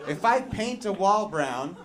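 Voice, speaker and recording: A man's voice: high-pitched, very animated, takes it slowly. A male stand-up comedian on an exasperated, ranting riff. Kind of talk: stand-up routine. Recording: live club with loud crowd and noise.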